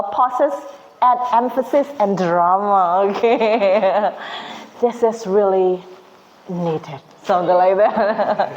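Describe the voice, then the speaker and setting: A woman's voice: mid-range voice, a little mellow, highs cut off, a little hiss or hum. A woman teaching an English class at a university, asking her students questions and prompting their answers in a classroom.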